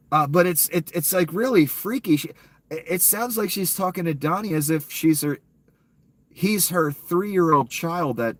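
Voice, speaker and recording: A man's voice: a little high, no room sound. A man with a cold ranting sarcastically and profanely as a YouTube commentator, in a casual off-the-cuff style. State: ill, coughing.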